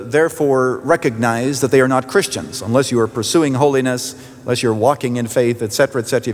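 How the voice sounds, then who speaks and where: A man preaching a sermon as pastor, telling a story and lifting his voice when he quotes others. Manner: storytelling, quoting voices with rising pitch. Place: church sanctuary. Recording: long reverb of a church hall.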